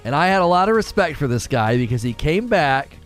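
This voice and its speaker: A man's voice: fairly high pitch, a little fast, soft background music. A man hosting a live gaming talk show, ranting with emphatic opinions. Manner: animated, emphatic opinion rant.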